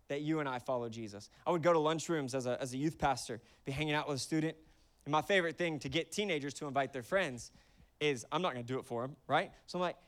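A man's voice: a little high, quick pace. A man in his thirties preaching a conversational sermon, acting out voices in his stories. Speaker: pastor.

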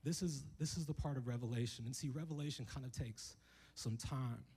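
A man with a husky, slightly breathy voice preaches a sermon to a church congregation. He keeps it conversational and playful, jumping into the voices of the people in his story. His pitch sits in an ordinary middle range. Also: a little fast, warm tone, low-quality recording. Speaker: guest preacher.

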